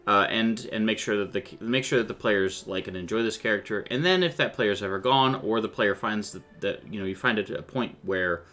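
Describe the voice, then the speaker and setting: A man's voice: fairly low pitch, a little fast, few pauses, sharp tone. A man running a tabletop game on stream, chatting casually, rambling and restarting his sentences and laughing easily. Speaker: game master.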